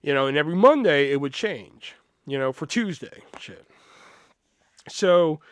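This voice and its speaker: Profane, animated man telling stories. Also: on the high side, a little slow, clear, resonant tone, no room sound. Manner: profane, animated, acts out quoted voices. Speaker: podcast host. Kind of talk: casual storytelling.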